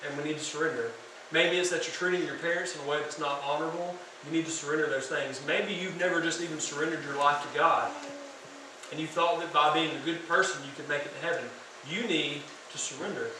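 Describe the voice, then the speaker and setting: A man preaching as a youth pastor in a church hall, animated and asking the crowd questions. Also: a little high, a little fast, background noise. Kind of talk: sermon. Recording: echoey hall from far off.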